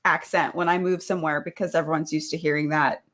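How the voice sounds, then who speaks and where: A woman's voice: sits low, fairly even intonation, quick pace, fairly bright tone. A woman from California chatting with enthusiasm and saying like a lot. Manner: enthusiastic, talkative, says like often. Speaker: voice group singer guest. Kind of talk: casual chat.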